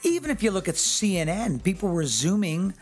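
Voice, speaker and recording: A man's voice: high voice, very animated, soft background music. Guy doing improv banter, mock offended, voice swings up and down a lot. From Canada. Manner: bantering, mock-indignant, quick to laugh. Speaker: podcast co-host.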